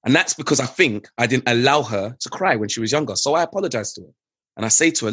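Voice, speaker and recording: Husky, earnest man, dry close sound. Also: medium pitch, expressive, fast, a bit bright, dry recording. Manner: earnest, reflective, repeats key phrases for emphasis. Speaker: guest, father. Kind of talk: candid conversational interview.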